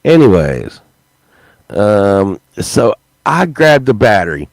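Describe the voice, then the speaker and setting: A man with a fairly low voice tells a rambling, profanity-laced story in casual podcast chat. He gets animated and swears freely as he goes. The sound is dry and close, with no room echo. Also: slow. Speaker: podcast host.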